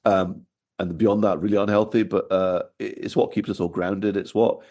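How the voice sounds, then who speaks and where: A man's voice: on the low side, little pitch movement, normal speed, darkish tone. A middle-aged man, a podcast guest telling wry anecdotes in casual interview chat. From Scotland, raised in Glasgow.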